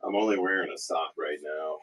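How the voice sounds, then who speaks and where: A man who owns a toy store, chatting casually through a live-stream auction, rambling with quick apologetic asides. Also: a bass voice, very noisy. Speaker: toy store owner running online auctions. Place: indoor shop room.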